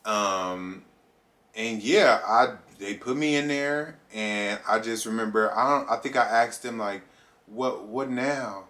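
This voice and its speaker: A young man vlogging a casual storytime, animated and acting out his own reactions as he goes. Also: on the low side, unhurried.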